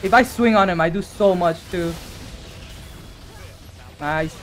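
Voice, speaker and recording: A man giving casual live commentary while playing a video game, talking to his viewers and breaking into excited shouts. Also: high voice, slow pace, soft background music. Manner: animated, bursts into excited shouts. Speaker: gaming streamer.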